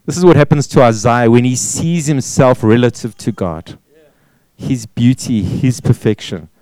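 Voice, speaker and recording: A man's voice: medium pitch, moderate pace, dark tone, no echo, rough recording. A man preaching a sermon, pressing points with repeated words and rhetorical questions. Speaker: pastor.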